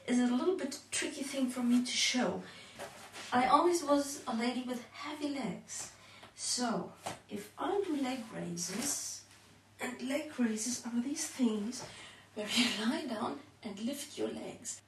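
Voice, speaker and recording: A woman demonstrates exercises at home and counts each repetition slowly while she moves. She sounds a little out of breath. Her voice comes from some distance away, in an echoey room. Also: on the high side, slight background noise. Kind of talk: counting through a workout demonstration. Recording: echoey room, mic far off.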